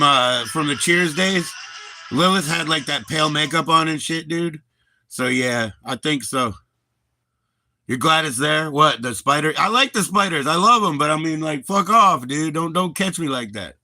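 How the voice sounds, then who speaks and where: A man's voice: fairly high pitch, lively intonation, moderate pace, pushed and bright, soft background music. A man hosting a livestream, chatting casually in a rambling, profane, laid-back way. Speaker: livestream host.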